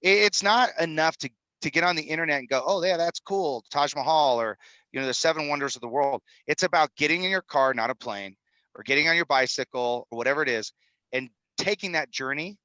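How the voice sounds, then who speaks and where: A man's voice: fairly high pitch, animated, quick pace, bright, forceful tone, no room sound, lo-fi sound. A man in his fifties, a film executive producer, talking energetically and a bit rambling as a podcast guest. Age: 50s. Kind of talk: animated podcast interview talk. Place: studio in Utah.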